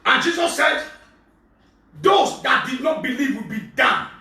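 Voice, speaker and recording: A man with a Nigerian accent preaching a fervent sermon, often shouting as he preaches. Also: very high-pitched, unhurried. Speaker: prophet preacher. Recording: very echoey, from far off.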